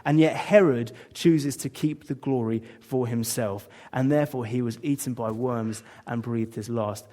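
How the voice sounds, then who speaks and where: A man with an English accent preaching a sermon in a conversational way, dropping low for asides and briefly putting on mocking voices for quotes. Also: unhurried, few pauses, warm tone.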